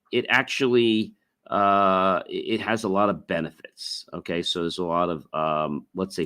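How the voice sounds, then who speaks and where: A man with a fairly low voice hosts a solo podcast in a loose, rambling way, full of fillers and repeated phrases. He stops now and then to chant long, drawn-out oms for the listener. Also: fairly bright tone. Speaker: podcast host. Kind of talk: casual solo podcast talk.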